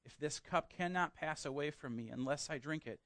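A man's voice: on the high side, normal speed, a bit bright, dry recording. Man preaching a sermon. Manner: reads scripture aloud, then preaches with rising emphasis; conversational, asks the congregation questions. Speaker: pastor.

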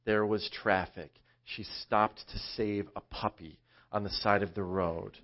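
A man preaching a sermon in a conversational, animated storytelling way. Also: lowish voice, unhurried, lo-fi sound. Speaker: pastor.

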